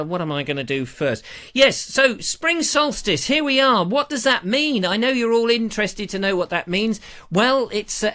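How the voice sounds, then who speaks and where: Brief: chatty English male live-stream host, bright and animated, rambling jokey storyteller. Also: high voice. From England. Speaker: host of a live online show. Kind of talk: casual live-stream chat reading viewer comments. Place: back room at home. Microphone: camera.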